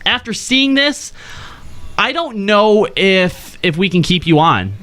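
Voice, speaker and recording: Man, podcast co-host, mock-serious teasing, lively up-and-down voice. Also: sits high, slow. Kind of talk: casual podcast banter.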